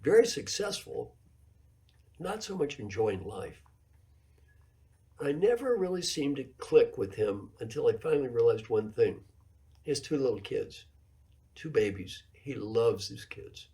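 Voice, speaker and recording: A man's voice: mid-range voice, big pitch swings, measured pace, pauses often, warm tone. A man in his seventies, an executive coach giving a keynote lecture, telling stories and repeating his key points for emphasis. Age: 70s.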